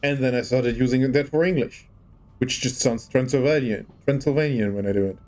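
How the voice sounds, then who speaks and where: A man's voice: medium pitch, brisk, darkish tone. A man casually chatting on a livestream while playing a game, musing and rambling as he tries out rolled R's. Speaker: game streamer.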